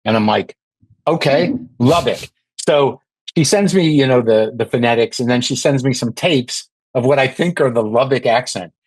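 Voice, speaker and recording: A man's voice: mid-range voice, normal speed, husky, no echo, poor audio. A man in his sixties, a podcast guest, talking in a rambling, self-deprecating way with lots of restarts. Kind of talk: casual podcast chat.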